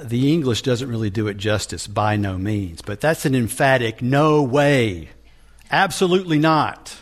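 A man preaching a sermon, teaching from scripture in a deliberate manner with frequent restarts. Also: medium pitch.

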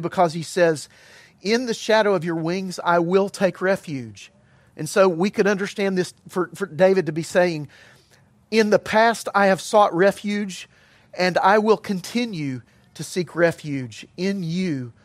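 A middle-aged male pastor delivers a sermon in an earnest, emphatic way, slowing for measured pauses. His voice sits high for a man. The sound is dry and close, with little room around it. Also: no echo.

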